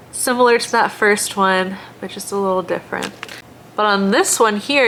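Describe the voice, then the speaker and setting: A woman's voice: medium pitch, moderate pace, a bit bright, a little hiss or hum. A young woman chatting casually in a personal vlog, gushing and laughing often, with many fillers. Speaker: vlogger.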